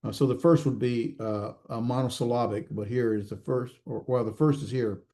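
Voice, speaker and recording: Guy teaching a class, lots of uh's and restarts, kinda mellow dark voice, fixes his own slips as he goes. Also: mid-range voice, fairly even intonation. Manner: halting, many fillers and restarts; checks in with students, self-correcting. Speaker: instructor. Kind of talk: recorded class lecture.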